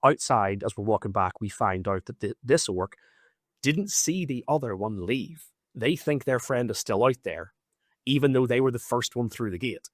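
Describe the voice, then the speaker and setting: A man hosting a podcast, recounting events in an animated, casual way with lots of fillers and swearing. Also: medium pitch, moderate pace, dry recording, studio quality. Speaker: podcast host. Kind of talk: casual storytelling.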